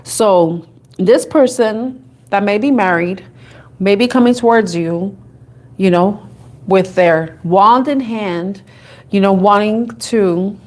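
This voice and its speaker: A woman's voice: medium pitch, slow pace, darkish tone. A woman giving a casual tarot reading, talking and thinking aloud in a chatty, giggly way. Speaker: tarot reader.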